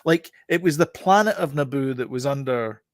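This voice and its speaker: A man's voice: medium pitch, expressive, moderate pace, dry recording. Rambling male film reviewer, dry sound. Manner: rambling, hesitant, many fillers and restarts. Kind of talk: casual chat.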